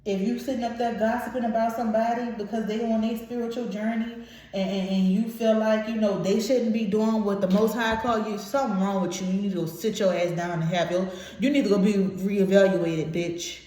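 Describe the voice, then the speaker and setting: A woman's voice: medium pitch, fairly even intonation, a little fast, dark tone. A woman giving a casual tarot reading to her viewers, emotional and blunt, swearing freely. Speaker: tarot reader. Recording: very echoey room.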